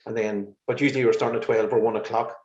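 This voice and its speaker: This musician guest speaks on the low side and at a racing clip, telling lively, exasperated stories with laughs during a casual interview chat. It's a roomy recording, a little muffled.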